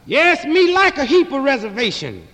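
A man's voice: extremely high pitch, huge pitch swings, moderate pace, vocal fry, pushed and bright, voice pushed up, exaggerated voice. A man putting on the voice of a meek old man who tells officials what they want to hear, in a mocking, exaggerated caricature, echoing in a hall. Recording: long hall reverb.

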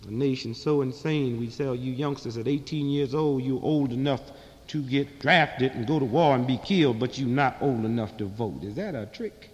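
A man's voice: medium pitch, normal speed, long reverb tail, muffled recording. A man delivering a political stand-up monologue in a fiery, preaching, sarcastic manner to a live audience. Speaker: comedian and speaker.

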